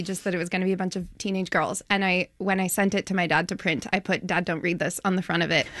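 A woman's voice: mid-range voice, a bit bright, no echo, clean studio sound. A woman in her twenties from Ohio, a playwright answering interview questions thoughtfully, with many ums. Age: 20s.

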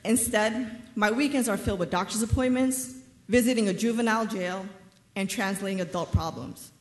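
A woman in her thirties from New York telling a personal story on a theater stage, measured and wryly funny. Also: medium pitch. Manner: wry, measured storytelling with dry humor. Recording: roomy theater reverb.

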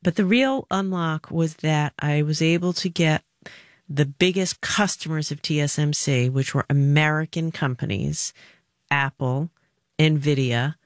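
A middle-aged woman answering interview questions in an emphatic, direct way, telling stories with lively energy. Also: low-pitched, measured pace, dry recording, studio quality. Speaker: former government official, guest.

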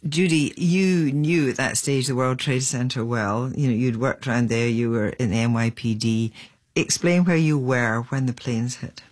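A man interviewing survivors with calm, gentle questions. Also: mid-range voice, normal speed, no room sound, studio quality.

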